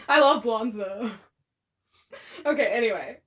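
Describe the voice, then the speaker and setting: A woman's voice: fairly high pitch, slow pace, muffled recording. A young woman co-hosting a casual chat about a story, laughing often and talking animatedly. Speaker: podcast co-host discussing fan fiction.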